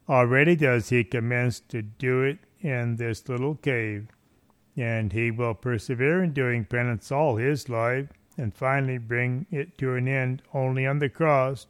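A man reading a devotional meditation aloud in a solemn, measured way, rising into fervent exclamations. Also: medium pitch, smooth, dry recording. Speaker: reader.

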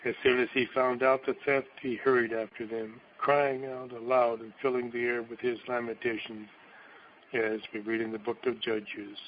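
A man's voice: medium pitch, little pitch movement, moderate pace, highs cut off, a little hiss or hum. A man reading a sermon aloud in a solemn, declamatory manner, voicing quotations dramatically. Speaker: preacher.

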